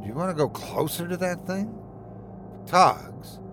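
A man's voice: high voice, lively intonation, a little slow, fairly bright tone, a little hiss or hum, pitched above the performer's own voice. A man voicing a battered, desperate man chained at the wrist, strained and pleading.

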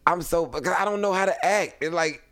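A man's voice: fairly high pitch, a little fast, fairly bright tone, dry recording. A man talking as a guest in a casual chat, hesitant and full of fillers. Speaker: podcast guest.

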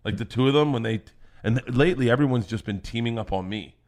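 A man, a comedian, telling family stories on a podcast in a loud, profane way, laughing as he goes. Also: mid-range voice, quick pace. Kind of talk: casual storytelling.

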